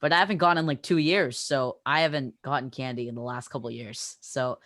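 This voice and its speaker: A man's voice: medium pitch, steady tone, fairly quick, bright, forceful tone, no room sound, clean studio sound. A teenage boy hosting a casual podcast chat, steering topics with many fillers. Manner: leads the talk, many fillers. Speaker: podcast host.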